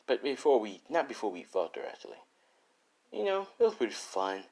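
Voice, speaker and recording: A man's voice: mid-range voice, very animated, fairly quick, vocal fry, a little mellow, pitched above the performer's own voice. A man voicing a cruel, mocking grown male thug in a spoken fan story, taunting and sneering.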